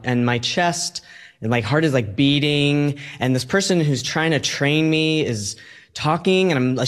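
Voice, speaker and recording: A man telling a personal story in a conversational, halting way, acting out the quoted lines as he goes. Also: on the high side.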